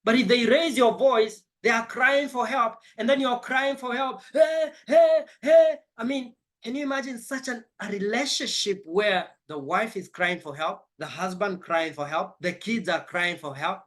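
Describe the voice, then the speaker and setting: A man's voice: high-pitched, moderate pace, few pauses, fairly bright tone. A man giving a motivational life coaching session, emphatic and spiritual, repeating his key phrases.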